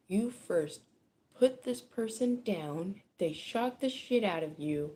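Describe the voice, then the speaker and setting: A woman giving a casual tarot reading, chatty and animated, with frequent laughter and swearing. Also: low voice, slow, vocal fry, a little hiss or hum. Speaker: tarot reader. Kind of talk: casual spoken card reading.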